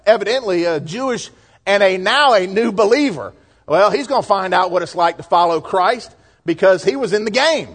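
A middle-aged pastor with a Southern US accent and a voice that sits high preaches a sermon in a folksy, lively way, with asides and jokes.

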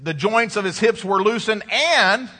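Bright-voiced preacher in a reverberant hall. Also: male voice, sits high. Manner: expressive preaching, dramatic pauses, reads scripture aloud. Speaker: pastor. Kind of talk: sermon.

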